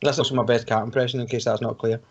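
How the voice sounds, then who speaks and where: This man speaks rapid-fire in a medium-pitched, level voice with a breathy edge. He's a podcast co-host in a casual online call, rambling, joking, and laughing often, recorded on a home computer mic with muffled lo-fi audio.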